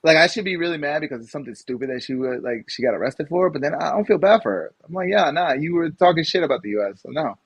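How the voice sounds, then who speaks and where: A man's voice: fairly high pitch, lively intonation, quick pace, few pauses, breathy edge. A man co-hosting a live podcast in casual chat, laughing often and acting out mocking voices. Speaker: podcast co-host.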